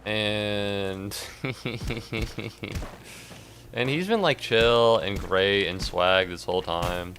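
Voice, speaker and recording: A man giving rambling, jokey commentary while streaming a game, breaking into squeaky outbursts. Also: extremely slow, long pauses, fairly bright tone, soft background music. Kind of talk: casual gaming commentary.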